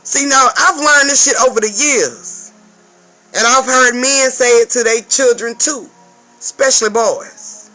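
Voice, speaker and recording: A woman's voice: fairly high pitch, measured pace, bright, forceful tone, soft background music, rough recording. A woman speaking as a spiritual advisor in a casual vlog rant. She swears a lot, talks emphatically and keeps checking in with the viewer.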